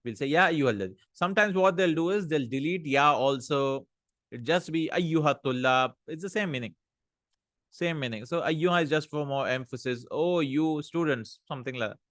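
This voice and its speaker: A man teaches an Arabic grammar lesson, reading example sentences aloud, translating them and explaining the rules in a relaxed way with fillers. His voice is fairly high, and he speaks at a moderate pace. The sound is clean studio quality with no room sound.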